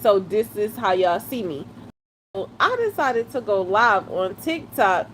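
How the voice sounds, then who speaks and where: A woman's voice: mid-range voice, expressive, fairly bright tone, slight background noise. A woman, chatting casually and laughing often during a live stream. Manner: laughing, chatty, drawn-out exclamations.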